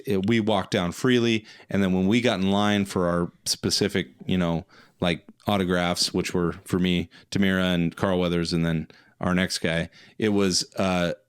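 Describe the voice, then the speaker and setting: A man co-hosting a podcast, telling an animated story in casual chat and acting out the voices of people he quotes. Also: lowish voice. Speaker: podcast co-host.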